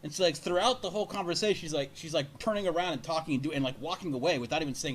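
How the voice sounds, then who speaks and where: A man's voice: on the high side, very fast, slight background noise. A man hosting a casual talk show, telling a long story in a rambling, profane way. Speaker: radio show host.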